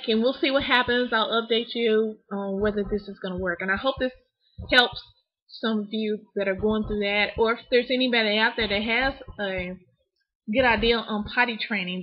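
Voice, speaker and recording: A woman's voice: on the high side, slightly rough. A woman talking candidly to camera in a casual home vlog, chatty and open, with frequent restarts. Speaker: parent vlogger. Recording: dull lo-fi home recording.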